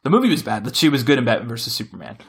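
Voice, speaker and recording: A man hosting a casual podcast chat, rambling and correcting himself as he talks with animated shifts. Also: mid-range voice, rapid-fire, husky. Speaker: podcast host.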